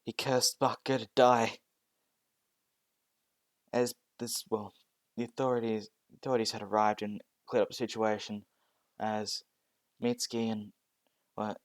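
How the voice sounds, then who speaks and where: A man's voice: on the low side, no room sound. A man narrating a fan story casually, hesitant, often restarting with fillers.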